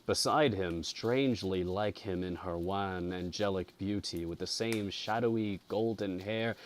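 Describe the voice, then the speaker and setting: Deep-voiced man slowly narrating a ghost story. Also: slight background noise. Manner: slow, deliberate, atmospheric reading.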